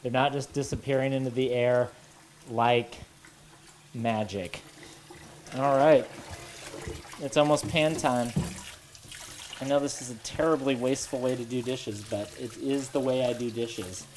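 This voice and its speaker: A woman with a very deep voice rambles through her kitchen chores with wry, deadpan asides. Her talk is halting and a bit nervous, full of restarts. Faint sizzling and running water sit under her voice. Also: background noise. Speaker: cooking show host. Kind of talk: rambling casual monologue while cooking. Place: home kitchen. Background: running water and sizzling pan.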